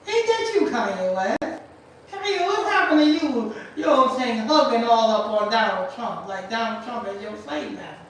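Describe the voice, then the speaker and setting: A woman hosting a commentary stream, rambling and repeating herself as she rants loudly and questions a voice assistant. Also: a little high, lively intonation, moderate pace. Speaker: channel host. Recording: echoey room, far from mic, faint noise.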